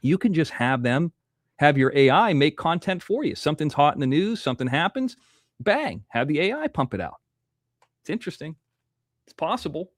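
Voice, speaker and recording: A man's voice: a little high, sing-song, normal speed, no echo, studio quality. Rambling man hosting a livestream. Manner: rambling, reads out viewer donations. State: toothache. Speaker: livestream host. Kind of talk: casual livestream chat.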